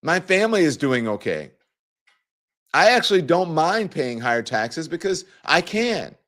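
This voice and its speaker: A middle-aged man hosting a casual opinion show, talking straight to viewers in a lively, mocking way. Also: fairly high pitch, unhurried. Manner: animated, mocking, acts out quoted voices. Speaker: show host.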